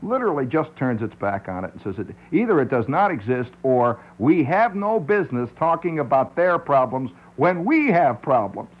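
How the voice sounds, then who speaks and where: A man's voice: medium pitch, big pitch swings, moderate pace, hardly any pauses. A male radio talk show host musing in a wry, digressive monologue, often laughing at his own points, on a dull old radio recording. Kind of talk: rambling conversational monologue.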